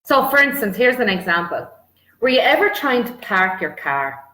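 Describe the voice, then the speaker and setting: A woman's voice: medium pitch, sing-song, moderate pace, bright, forceful tone. Woman giving a roomy self-help talk. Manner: conversational, many filler "like"s. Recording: roomy echoey room.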